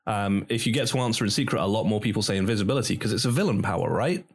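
A man's voice: fairly low pitch, racing, breathy edge. A man co-hosting a film podcast, retelling scenes in casual chat and acting out the characters' lines with bursts of laughter. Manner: animated storyteller, acts out scenes with bursts of laughter. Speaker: podcast co-host.

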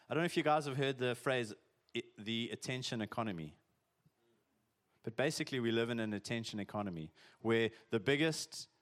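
A man preaching a sermon in a conversational, jokey way, peppered with "like" and "eh". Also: medium pitch. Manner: conversational, chatty, uses "eh" and "like", jokey asides. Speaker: pastor.

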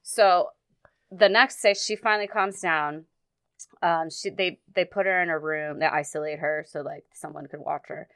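A woman with a low, smooth voice tells a story in relaxed conversation. She stops and restarts often and fills her pauses with "like" and "um". The sound is close and dry, with no room around it. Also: no echo. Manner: halting, many fillers and restarts. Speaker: guest recounting a personal story.

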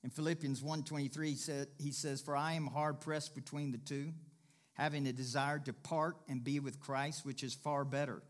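A man's voice: on the high side, level tone, normal speed. A man pastor preaching a sermon, folksy and conversational, repeating key lines and building to emphatic, rising bursts. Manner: folksy, jokes with the congregation and laughs.

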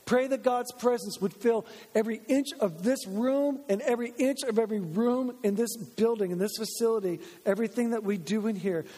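In a church sanctuary filled with long reverb, a male pastor preaches his sermon in a high voice with a darkish tone. He keeps it conversational and acts out quoted voices.

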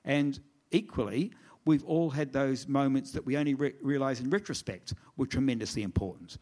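A man's voice: mid-range voice, moderate pace, a little mellow. A middle-aged man, an author speaking to an audience in a lecture room, telling wry, self-deprecating stories with quoted dialogue. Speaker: author giving a talk. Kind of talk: storytelling presentation.

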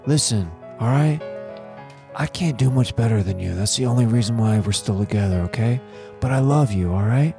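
A man's voice: medium pitch, animated, normal speed, vocal fry, music in the background. A man playing a crude, hotheaded young boyfriend in an improvised comedy sketch, swearing, exasperated and needling. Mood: blunt.

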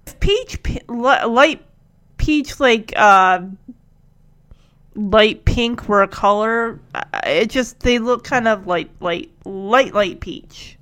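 Chatty lady with a high voice, giggles a lot, does little voices for the characters. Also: a bit bright. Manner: chatty, giggly, acts out quotes in quick voices. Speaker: TV episode recapper. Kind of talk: casual recap commentary.

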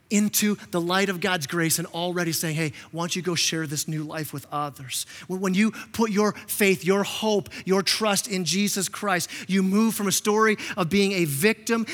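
Pastor guy preaching, high voice, stumbles over repeats, big church reverb. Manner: impassioned, repeats words, acts out quotes softly. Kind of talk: sermon. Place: church sanctuary. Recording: long reverb of a church hall.

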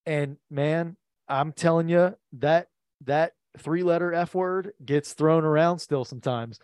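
A man co-hosting a sports podcast who laughs easily and talks in halting starts. His voice is a little higher than most men's. The sound is dry and close-miked. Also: a little mellow, smooth, no room sound. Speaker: podcast co-host. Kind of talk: casual sports chat.

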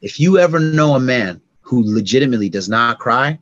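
A middle-aged man talking as a podcast guest, with an everyday mid-range pitch. He tells stories in an animated way and jumps into sound effects and quoted voices. The sound is dry and close, with no room around it. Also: a little fast, no room sound, highs cut off. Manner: animated, acts out sounds and dialogue. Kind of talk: casual storytelling conversation.

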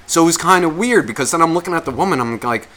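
Male podcast co-host, bright edgy tone, profane and animated in casual chat. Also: on the high side, fast talker.

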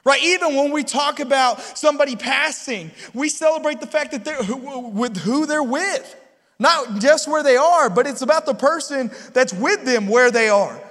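A man delivers a sermon in a loose, conversational way, stopping to check that his listeners follow. His voice sits very high for a man. The sound rings with the long reverb of a large hall. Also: moderate pace, fairly bright tone. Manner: conversational, storytelling, asks the crowd often. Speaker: pastor.

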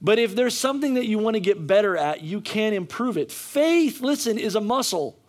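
High-voiced emphatic preaching pastor. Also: male voice, sing-song, moderate pace. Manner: emphatic, repetitive preaching with frequent restarts. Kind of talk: sermon.

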